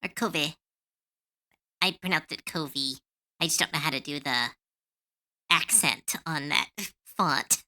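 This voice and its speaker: A woman's voice: low-pitched, a little slow, pauses often, pushed and bright. A woman streamer chatting casually while she draws, humming and giggling as she works. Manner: giggly, hums while working. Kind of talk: casual chat while drawing.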